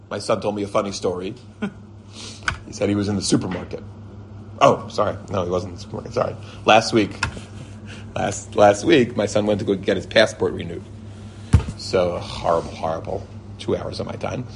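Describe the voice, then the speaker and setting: This Israel-based man is an animated storyteller, blending religious teaching into lively stories told to a group. His voice is gravelly and moderately paced with frequent pauses, and it jumps high and excited whenever he quotes someone. He chuckles and restarts mid-sentence amid slight background noise.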